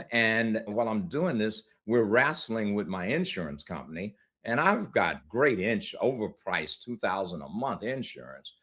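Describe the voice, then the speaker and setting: A man's voice: on the low side, sing-song, measured pace, fairly bright tone, breathy edge. A middle-aged man, a guest on an interview show, telling a personal story in a candid, conversational way, with frequent laughs.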